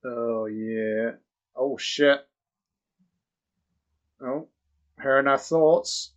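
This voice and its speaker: A man giving crude, excitable, mocking live commentary on a horror film. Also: on the high side, slow pace, pauses often. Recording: dull lo-fi audio.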